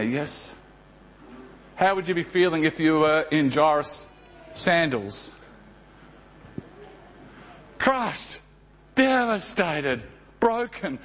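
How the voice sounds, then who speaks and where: A male pastor with a high voice delivers a sermon at an unhurried pace. He tells the story vividly and keeps checking in with his listeners through rhetorical questions. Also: fairly bright tone.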